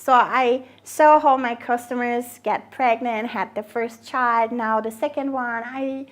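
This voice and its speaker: Her pitch is fairly high and her delivery a touch slow. This cafe owner, raised in Germany, gives a documentary interview full of laughter, animatedly performing the lines of people she quotes.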